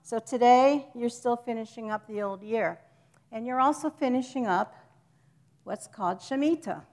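A woman's voice: on the high side, moderate pace, darkish tone. Woman teaching a chatty church lesson. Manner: chatty, jokes with the congregation, self-correcting. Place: church hall with a congregation.

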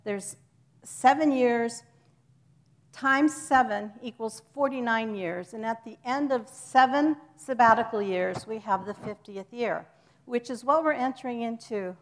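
A woman's voice: on the high side, measured pace. A woman giving an informal church teaching to a congregation, chatty and joking with them, stopping to correct herself.

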